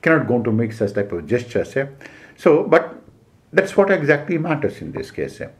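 A man with an Indian English accent lecturing as an exam coach, giving numbered points with frequent "uh" pauses and repeated key phrases. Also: mid-range voice, very animated. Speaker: civil service exam coach. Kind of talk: classroom lecture.

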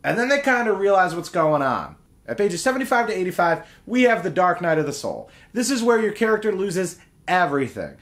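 A man hosts a casual film breakdown and retells scenes with animated character voices. His pitch is a little high and swings widely. He laughs often as he goes. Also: brisk. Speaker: film review host.

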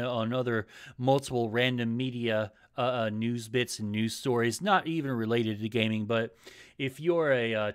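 A man hosting a casual gaming news chat on a live stream, rambling and stumbling with many fillers and a lot of swearing. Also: mid-range voice. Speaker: podcast host. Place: home setup, live stream.

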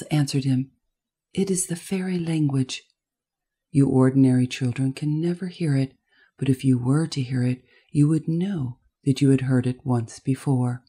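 A woman narrates a children's classic in a low, mellow voice with a breathy edge. Her telling is gentle and expressive. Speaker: audiobook narrator. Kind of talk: scripted narration.

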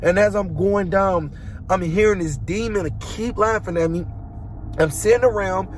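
A man's voice: high voice, normal speed, slight background noise. A young man giving an emotional personal testimony in a colloquial, dramatic way, with spoken sound effects. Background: instrumental music.

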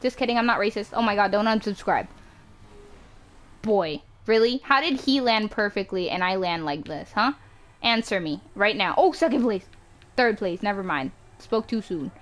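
A woman streaming a racing game live, reacting excitedly, yelping and groaning as she races, on a home mic with some static. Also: medium pitch, normal speed. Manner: excitable, yelps and groans at the race. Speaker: gaming streamer. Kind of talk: live gameplay commentary.

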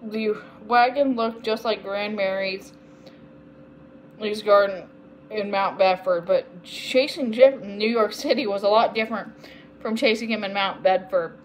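A woman reading a children's chapter book aloud, steady with small slips and corrections. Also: mid-range voice, a little slow, slight background noise, rough recording. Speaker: storyteller.

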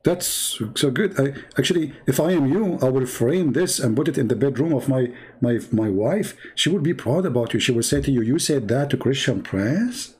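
A Middle Eastern man whose native language is Arabic hosts a live stream in English, sarcastically mocking his opponent in an Arabic accent and broken English grammar. His medium-pitched voice is husky and a little mellow, moving a little fast with few pauses.

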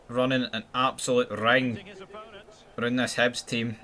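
Sweary excitable Scottish gamer. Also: male voice, medium pitch, measured pace. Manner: excitable, sweary, jumps from mumbling asides to yelled goal calls. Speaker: gaming YouTuber. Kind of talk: sweary mock football commentary over a video game.

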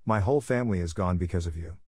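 A man's voice: low-pitched, fast talker, a little mellow, slightly rough, no echo, clean studio sound. A man voicing a bitter, grieving old woman who accuses and sobs in a storybook horror tale. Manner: accusing, tearful.

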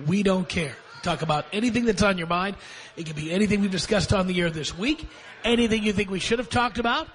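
A domineering male talk radio host with a strikingly high voice lays down the rules to a caller. His tone is sarcastic and commanding. A faint ambience sits under the voice. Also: fast, fairly bright tone, slight background noise. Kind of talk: confrontational call-in radio.

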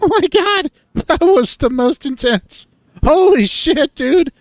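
Rowdy hyena guys, put on by a male narrator, loud and breathless, very high, lively pitch swings. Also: slow pace, no room sound, exaggerated voice. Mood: thrilled. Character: rowdy laughing hyena guys, wildly excited.

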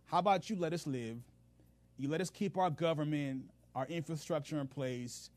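A man voicing a cocky, smooth-talking enemy king who bargains in casual street slang. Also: fairly high pitch, moderate pace, a little mellow, lightly acted. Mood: smooth bargaining.

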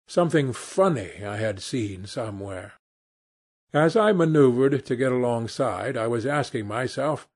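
A man reading an adventure novel aloud as an audiobook, with measured, expressive storytelling. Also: medium pitch, breathy edge. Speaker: audiobook narrator. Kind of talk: scripted audiobook narration.

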